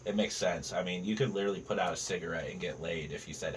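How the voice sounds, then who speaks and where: A man's voice: deep voice, brisk. A man chatting casually on a podcast, telling joking stories about travel. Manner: storytelling, joking. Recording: distant mic with faint room noise.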